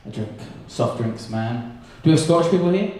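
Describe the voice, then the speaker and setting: A man from England doing a sweary, animated stand-up set, telling stories and slipping into character voices. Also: medium pitch, brisk, a crowd in the background. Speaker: stand-up comedian. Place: comedy club stage with audience. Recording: echoey live room, distant mic.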